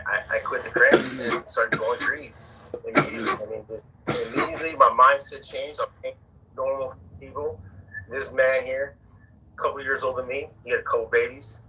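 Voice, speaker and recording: A man's voice: medium pitch, steady tone, a little fast, sharp tone, a little hiss or hum, rough recording. A man telling a personal story in an interview, casual and profane, often repeating words as he searches for them.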